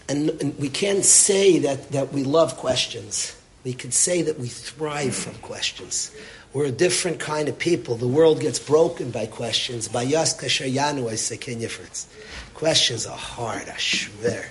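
A religious speaker with a medium-pitched voice gives an impassioned, repetitive inspirational sermon, weaving in Yiddish and Hebrew terms. Slight background noise is audible.

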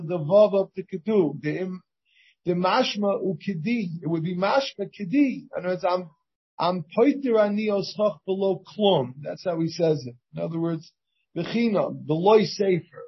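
A rabbi teaching a Talmud class, reading passages and explaining them phrase by phrase with frequent restarts. His voice sits high and sounds husky. The recording is dull and lo-fi. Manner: reads Hebrew and Aramaic text and translates it, with many restarts.

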